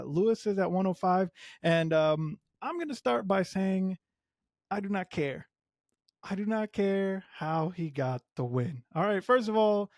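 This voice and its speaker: A man hosting a solo motorsport podcast, a native Spanish speaker talking in English, animated and emphatic with strong opinions. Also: a little high, dry recording, clean studio sound. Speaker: podcast host.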